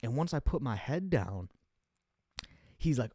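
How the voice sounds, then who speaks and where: A man's voice: medium pitch, big pitch swings, measured pace, mellow, no echo, clean studio sound. A young man telling a rambling, profane comic story in a casual monologue, full of fillers and restarts.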